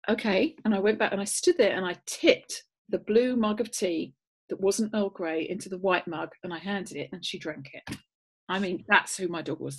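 A woman, a guest course leader, telling an animated story on a video call and dropping to a whisper at tender moments. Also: mid-range voice, breathy edge. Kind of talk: storytelling on a webinar.

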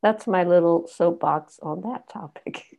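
Slow, gravelly-voiced woman explaining. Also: fairly low pitch, a little mellow. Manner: deliberate, teaching through example questions. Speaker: consent educator and guest. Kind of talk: explanatory conversation. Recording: dull lo-fi audio.

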